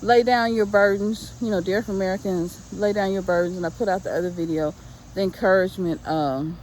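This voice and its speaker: A woman's voice: mid-range voice, steady tone, fairly quick, darkish tone. A middle-aged woman, out of breath, giving a casual, encouraging vlog as she walks outdoors on a residential street, repeating her points with a preachy insistence. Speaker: vlogger. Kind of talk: casual motivational vlog while walking. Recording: faint street noise outdoors.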